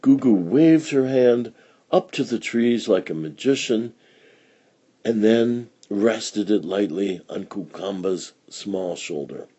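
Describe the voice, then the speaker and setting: A man reading a children's picture book aloud in an expressive, storytelling manner. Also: on the low side, slow pace, husky, dull audio.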